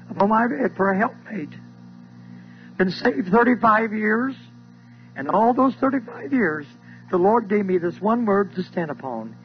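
Older man, high-pitched, fervent church testimony, lo-fi 1980s tape. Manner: fervent, preacherly, repeats lines, voice rises to high cries.

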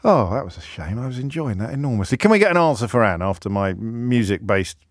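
A man's voice: mid-range voice, sing-song, fast talker, no echo, clean studio sound. A man hosting a radio phone-in, bantering and teasing callers in a playful, jokey way. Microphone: studio microphone.

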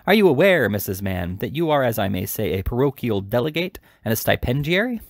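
A man's voice: medium pitch, sing-song, brisk, dry recording, studio quality. A man reading aloud and voicing a fat, hot-tempered, self-important parish beadle with grand, pompous phrasing. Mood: indignant. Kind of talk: amateur audiobook reading.

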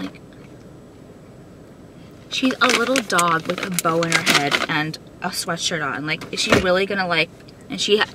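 A woman with a fairly low voice vents to camera in a very noisy recording. She's a vlogger holding her phone to film herself, upset, swearing frequently, and using "like" over and over.

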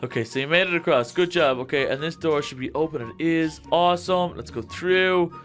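A man giving let's-play commentary, jittery and excitable, talking straight to his viewers. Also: on the high side, a little fast, faint music behind. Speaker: gaming YouTuber.

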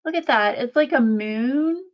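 Slow-talking gushing woman. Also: sits high, highs cut off. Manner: gushing, excitable, talks to viewers as y'all. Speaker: craft channel host. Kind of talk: casual live-stream unboxing chat. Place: home craft room.

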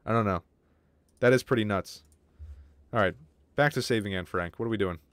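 A man streaming a game live, with casual, excitable commentary, lots of swearing and remarks aimed at his chat. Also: lowish voice, brisk, no room sound. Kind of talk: casual livestream gaming commentary.

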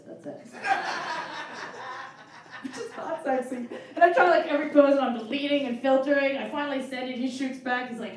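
A woman's voice: lively intonation, brisk, long pauses. A woman in her forties doing a self-mocking stand-up comedy set on stage at a benefit. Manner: self-mocking, punchy, jumps into loud high character voices. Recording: very echoey venue, mic from a distance.

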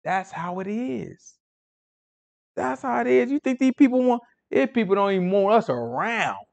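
Man teaching Bible study, slightly high voice, swooping lively delivery, slangy and preachy. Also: moderate pace, gravelly. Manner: animated, preachy, slangy and conversational.

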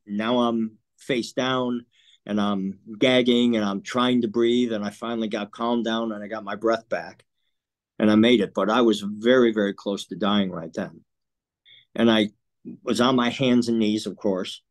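A man in his sixties telling a personal story in an interview, earnest and emotional, often clearing his throat. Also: on the low side, fairly even intonation. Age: 60s. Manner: earnest, emotional, halting with restarts. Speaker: interview guest.

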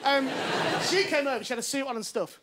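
A man's voice: very high-pitched, fast, a crowd in the background, noisy background. A male comedian telling a stand-up story before a live studio audience, acting out the voices of the people in it. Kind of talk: stand-up anecdote. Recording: TV studio with loud audience laughter.

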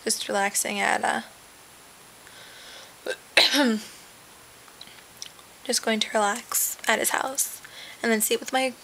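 A woman's voice: fairly high pitch, steady tone, slow pace, creaky, long pauses, bright, forceful tone, slight background noise, poor audio. A young woman vlogging casually from her bed, rambling with lots of fillers and trailing asides. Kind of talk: casual webcam vlog. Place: sitting in bed at home. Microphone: webcam.

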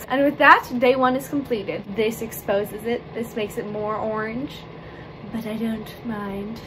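A woman hosting her own makeup video, chatty and playful as she talks through each step. Her voice sits a little high, and faint background noise runs under it. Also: steady tone, measured pace, fairly bright tone, low-quality recording. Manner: bubbly and playful, chatty asides. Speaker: makeup vlogger.

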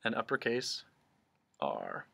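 Male teacher for a cursive lesson, unhurried and patient, mid-pitched voice. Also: huge pitch swings, creaky, sharp tone, breathy edge. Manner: patient, step-by-step explaining. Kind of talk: remote handwriting lesson.

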